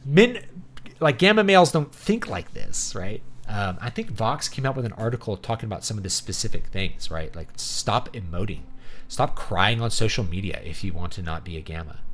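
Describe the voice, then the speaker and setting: Animated man giving opinionated commentary. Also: lowish voice, moderate pace, a little hiss or hum. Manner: opinionated, keeps tagging points with "right?". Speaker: host. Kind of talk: casual commentary monologue.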